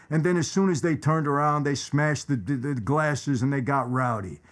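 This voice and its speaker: With a voice on the high side, this channel host talks at a moderate pace and barely pauses. He rambles casually to viewers about favorite movie quotes, using repetition for emphasis.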